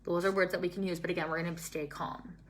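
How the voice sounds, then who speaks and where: A young woman with a lowish voice explains things to fellow teachers one step at a time. She talks in a calm, steady way. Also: fast, slight background noise. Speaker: early childhood teacher. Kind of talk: scripted-feeling teaching talk to staff.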